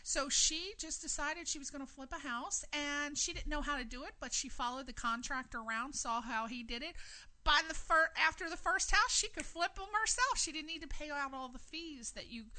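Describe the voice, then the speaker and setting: A woman's voice: high voice, normal speed, pushed and bright, rough recording. A woman hosting a radio talk show, chatting and gushing about her callers. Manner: chatty, gushing, laughs often. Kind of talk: casual radio interview chat.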